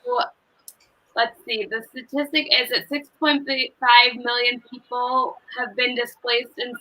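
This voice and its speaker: A woman's voice: a little high, flat delivery, measured pace, pushed and bright, poor audio. A woman hosting a live online interview, asking questions in a chatty, informal way. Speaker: interview host.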